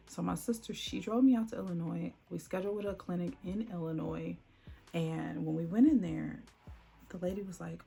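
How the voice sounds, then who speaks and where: A woman's voice: lowish voice, a little fast, creaky, mellow, husky, faint music behind. A woman telling a dramatic personal story on her vlog, acting out the voices of the people in it. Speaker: vlogger.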